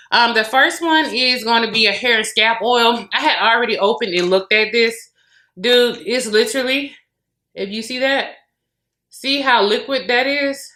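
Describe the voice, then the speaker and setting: A woman's voice: on the high side, sharp tone. An American woman chatting casually to her viewers while reviewing beauty and hair products at home. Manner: chatty, talks straight to viewers. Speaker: beauty vlogger. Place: home room with closet behind.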